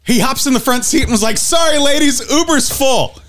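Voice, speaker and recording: A man's voice: very high voice, a little fast, a bit bright. A man co-hosting a podcast, telling a profane story in casual chat and acting out his friends' lines. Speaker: podcast co-host.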